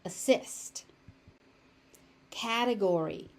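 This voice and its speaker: A woman's voice: mid-range voice, expressive, slow, mellow. A woman with a General American accent teaching pronunciation, saying each word several times and explaining the sounds. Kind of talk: pronunciation lesson with repeated words.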